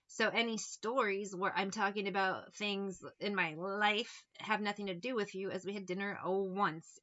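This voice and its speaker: A woman's voice: medium pitch, fairly even intonation, moderate pace, hardly any pauses, fairly bright tone, muffled recording. A woman giving a casual tarot reading, blunt and sarcastic, swearing freely as she talks through the cards. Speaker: tarot reader.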